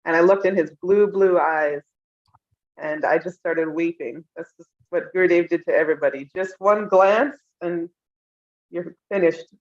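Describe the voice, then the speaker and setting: A young woman recounting emotional personal memories in an interview, tender and often laughing softly. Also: lowish voice, moderate pace. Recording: dull lo-fi sound.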